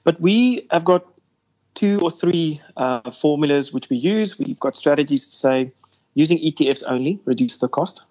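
A man's voice: on the high side, animated, moderate pace, darkish tone, low-quality recording. A man, an investment company boss, talking business in a rambling, chatty way with lots of fillers. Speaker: investment company CEO guest. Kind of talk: casual radio business interview.

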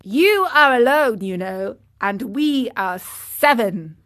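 A woman's voice: fairly high pitch, animated, takes it slowly, fairly bright tone. A woman voicing a gang of rowdy, teasing schoolboys in a storybook reading, jeering and boastful.

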